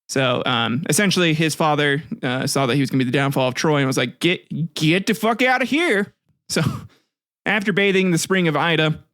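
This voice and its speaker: Joking man with a higher voice. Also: a bit bright, no echo, studio quality. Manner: jokey, crude asides, laughs at own jokes. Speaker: podcast host. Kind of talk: casual history podcast narration.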